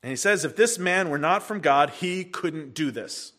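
Animated male preacher, high voice. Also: normal speed. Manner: animated, acts out voices of the text. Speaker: pastor. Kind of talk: expository sermon.

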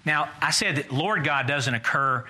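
A man's voice: fairly high pitch, moderate pace, bright, forceful tone. A man leading a Bible study class, thinking aloud in a conversational way and putting questions to the group.

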